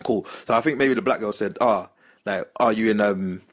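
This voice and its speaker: A man's voice: fairly low pitch, moderate pace. A young man telling a story on a podcast, acting out the voices of the people in it. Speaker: podcast host. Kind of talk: casual storytelling chat.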